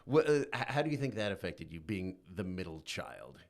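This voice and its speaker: A man's voice: low-pitched, big pitch swings, moderate pace. A man in his forties hosting a casual interview, wry and self-deprecating, laughing often. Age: 40s. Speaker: interview host.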